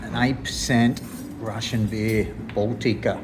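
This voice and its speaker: A man's voice: fairly low pitch, steady tone, measured pace, very noisy. A man with an Australian accent chatting casually to camera in a vlog, blunt and slangy, swearing freely. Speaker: vlogger.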